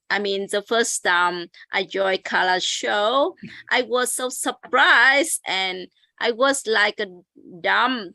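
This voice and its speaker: Bright-voiced woman, non-native English speaker. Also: on the high side, no echo, poor audio. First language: not English. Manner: candid, laughs while talking. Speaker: English learner guest. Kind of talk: casual chat. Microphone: video call.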